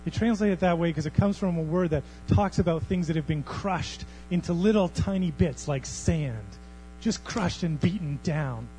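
A man preaching a sermon as pastor, swinging from hushed, almost whispered passages to loud, thundering ones. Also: on the high side, normal speed, hardly any pauses, faint music behind, rough recording. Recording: faint mains hum.

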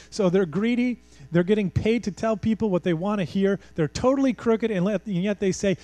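Mellow-voiced pastor preaching conversationally. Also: male voice, high voice, brisk, few pauses, dry recording. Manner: conversational and emphatic, with rhetorical questions. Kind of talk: sermon.

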